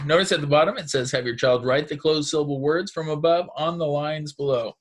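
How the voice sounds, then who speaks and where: A man's voice: on the high side, a little fast. A man teaching second graders a recorded phonics lesson, patient and encouraging, explaining step by step.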